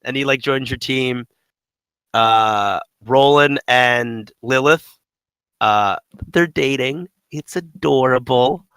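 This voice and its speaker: A man co-hosting a casual gaming podcast, talking in a rambling, animated way with many fillers. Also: medium pitch, takes it slowly, clear, resonant tone, no room sound, rough recording. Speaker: podcast co-host.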